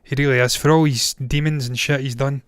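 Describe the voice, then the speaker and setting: A man in his thirties, a live-streaming film reviewer, talks casually at a fairly quick clip in a steady, clean, mid-range voice. He's blunt and opinionated and swears without thinking twice, and his voice is strained and tired from a long stream. The dry recording sits close, with no room around it.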